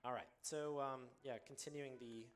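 A man commentating live on his own speedrun, explaining the game in a relaxed way with many ums and uhs. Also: mid-range voice, normal speed. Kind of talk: live commentary while playing.

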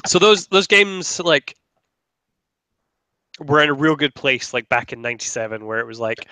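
A man's voice: mid-range voice, lively intonation, normal speed, sharp tone, smooth, no echo, rough recording. A young man co-hosting a casual gaming podcast, rambling with lots of restarts. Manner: rambling, many restarts and fillers. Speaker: podcast co-host.

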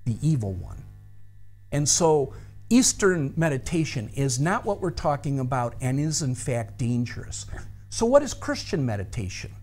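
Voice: medium pitch, sing-song, moderate pace, a little mellow, soft background music. A Bible teacher giving a recorded study lesson, explaining a practice step by step and thinking aloud through a verse.

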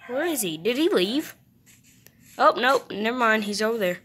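A woman's voice: a little high, animated, moderate pace, pauses often, a bit bright, slight background noise. A young woman giving chatty, playful gameplay commentary, talking to the animals in her game. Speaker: gamer.

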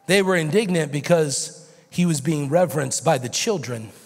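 An American pastor in his forties preaching a sermon, swinging from shouted intensity to a hushed near-whisper. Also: fairly high pitch, animated, moderate pace. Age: 40s. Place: church sanctuary. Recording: reverberant church sanctuary.

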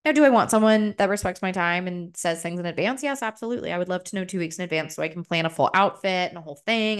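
A young adult woman hosting a solo podcast, talking openly and emotionally and swearing freely, her voice jumping up high when she gets excited. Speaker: podcast host. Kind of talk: solo confessional podcast talk.

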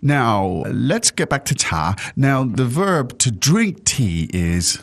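A man hosting a language lesson in a relaxed, chatty way, with fillers and restarts. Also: mid-range voice, slow. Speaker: English-speaking host of a language lesson. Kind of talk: casual lesson chat.

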